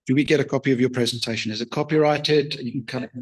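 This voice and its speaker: A man moderating a summit on stage, introducing speakers with jovial, quick banter. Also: mid-range voice, fairly even intonation, breathy edge, low-quality recording. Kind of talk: event hosting. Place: conference stage.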